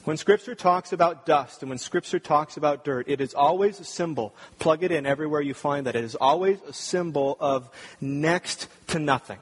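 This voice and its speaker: Husky-voiced man preaching a sermon. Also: fairly high pitch, normal speed. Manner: earnest, rising to emphatic preaching. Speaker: pastor.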